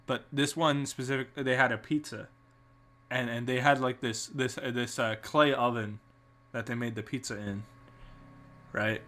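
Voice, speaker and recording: A man's voice: medium pitch, steady tone, normal speed, pushed and bright. A man from Canada chatting on a podcast, rambling with restarts and fillers and laughing often. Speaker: podcast co-host. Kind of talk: casual chat.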